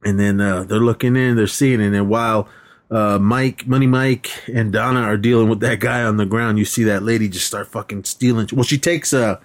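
A man's voice: lowish voice, fairly even intonation, normal speed. Laughing man recapping a movie. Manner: rambling retelling, frequent laughter. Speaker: podcast co-host. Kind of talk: casual movie recap chat.

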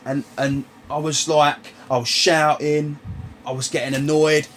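Animated man telling a story. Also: medium pitch, a little fast, a little hiss or hum. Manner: animated, swearing, retells dialogue. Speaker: podcast host. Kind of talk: casual storytelling chat.

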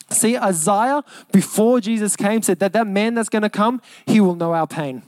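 A young man with an Australian accent preaching a sermon as pastor, earnest, repeating lines for emphasis and slowing down on key phrases. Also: sits high, darkish tone, no room sound.

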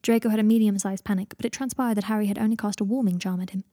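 Woman reading fanfic audiobook, husky low-key voice, calm and even, dry close mic. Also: very fast, no echo. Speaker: audiobook narrator. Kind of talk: fan fiction audiobook reading.

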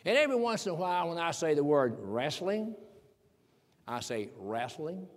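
Southern guy preaching, kinda high voice, repeats himself for punch, long echo like a big church. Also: big pitch swings, fast talker. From Southern United States. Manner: folksy, joking asides, emphatic repetition. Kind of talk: sermon.

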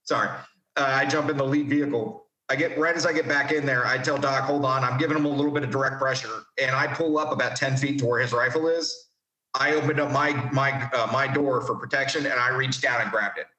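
A man casually telling war stories in a profane, animated way, acting out what people said. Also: medium pitch, brisk, echoey room, poor audio. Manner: profane, animated, acts out quotes loudly. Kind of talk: casual storytelling.

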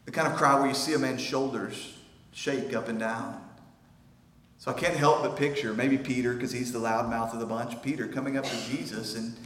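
A man preaching a sermon as pastor, shifting between hushed, quiet passages and loud, impassioned ones. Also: medium pitch, steady tone, moderate pace, a little hiss or hum. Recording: echoey hall, long reverb.

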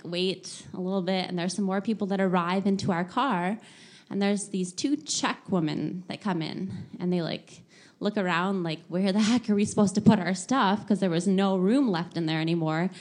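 Animated young woman telling a story. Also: medium pitch, normal speed. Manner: animated, laughing often, many filler likes. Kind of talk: casual personal storytelling.

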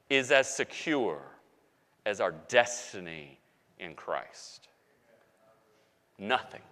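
Male pastor, high voice, slow emphatic sermon delivery that drops to hushed lines and builds back up, church hall reverb. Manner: emphatic preaching with repetition, swinging from hushed to loud.

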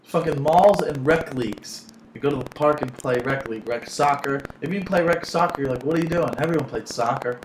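A man's voice: mid-range voice, fairly quick. Rambling man in his thirties, echoey noisy audio. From South Florida. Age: 30s. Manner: rambling, filler-heavy, self-interrupting. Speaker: podcast guest, stand-up comic. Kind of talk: casual conversation.

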